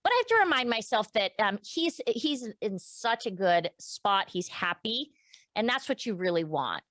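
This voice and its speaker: A woman's voice: mid-range voice, big pitch swings, normal speed, a bit bright, dry recording. A middle-aged woman guest speaking candidly and emotionally in a casual interview, with many restarts and fillers. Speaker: podcast guest.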